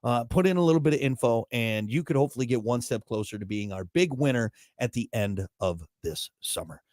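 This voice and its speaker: A man's voice: medium pitch, expressive, a little fast, a little mellow, no room sound, clean studio sound. A man in his thirties hosting a morning radio show, chatting casually with a joking, rambling, self-mocking manner. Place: radio studio.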